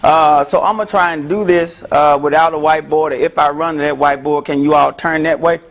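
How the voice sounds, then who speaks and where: A man's voice: on the high side, fairly even intonation, fairly quick. A man giving an interactive health talk to a live audience, joking and asking the room questions. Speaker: mental health speaker.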